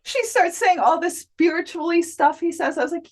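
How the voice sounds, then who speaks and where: A woman appears as a guest on a podcast, an afterlife researcher telling a story in a casual interview. She's animated, laughs, and acts out quoted dialogue, speaking in a very high voice a little fast with hardly any pauses.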